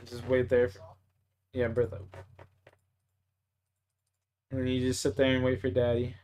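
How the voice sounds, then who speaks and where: A Canadian man streams a game while chatting casually, cursing, and telling stories with excitable energy and laughs. He speaks a little slowly in a mid-range voice, with slight background noise.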